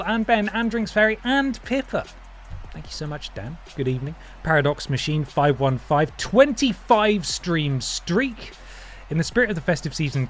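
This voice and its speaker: A male livestream host with a slightly raised pitch, talking loosely and warmly to his chat. He reads out viewer names and stream streaks, breaks off mid-thought and picks up again. Faint music plays underneath. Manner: chatty, thanks viewers by name, trails off mid-sentence. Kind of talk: casual live-stream chat.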